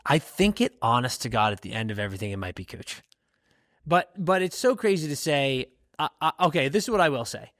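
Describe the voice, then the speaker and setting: A man co-hosting a podcast, chatting casually and profanely, tossing out rambling, animated opinions. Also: medium pitch, brisk, no room sound, clean studio sound. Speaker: podcast co-host. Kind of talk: casual sports chat.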